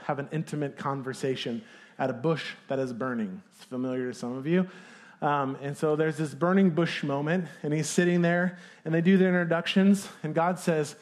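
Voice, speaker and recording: A man preaching a sermon as pastor, talking in a casual, conversational way with fillers. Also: on the high side.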